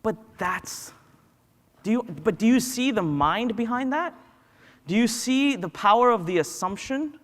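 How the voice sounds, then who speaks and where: A man with a fairly high voice gives a motivational talk from a stage. He tells personal stories in an animated way and acts out the dialogue. His voice rings with the long reverb of a big hall. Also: unhurried. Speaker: motivational business speaker.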